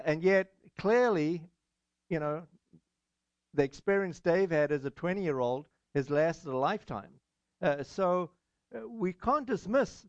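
A pastor giving a sermon, measured and encouraging, pausing often with "uh". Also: male voice, on the high side, no room sound, dull audio. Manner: measured, many "uh" fillers, encouraging.

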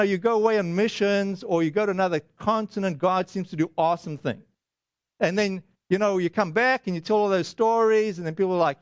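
A man's voice: high-pitched, brisk, no room sound, lo-fi sound. A man preaching a sermon, telling personal stories in a chatty, self-deprecating way with lots of fillers. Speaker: pastor.

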